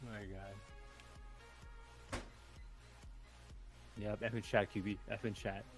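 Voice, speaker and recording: A man's voice: on the low side, little pitch movement, takes it slowly, faint music behind. A man co-hosting a live stream in casual chat, laid-back and rambling, with lots of "like".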